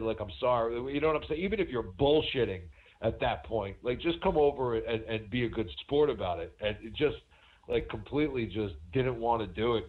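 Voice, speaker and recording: Brief: male podcast co-host, lively storyteller, cusses, tinny phone-like sound. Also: medium pitch. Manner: animated storytelling, swearing. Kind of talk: casual chat.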